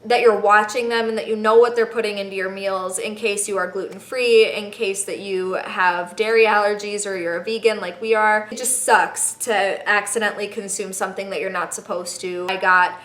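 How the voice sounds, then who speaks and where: A woman's voice: medium pitch, steady tone, moderate pace, few pauses. Chatty young woman vlogger, roomy echo. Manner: chatty, playful, emphatic asides. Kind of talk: casual travel vlog tips.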